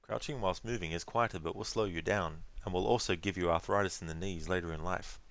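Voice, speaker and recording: A man's voice: sits low, a little fast, fairly bright tone, no echo. A man streaming a game, joking around and chatting with his viewers. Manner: joking, chatty, reads chat aloud. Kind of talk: casual stream commentary.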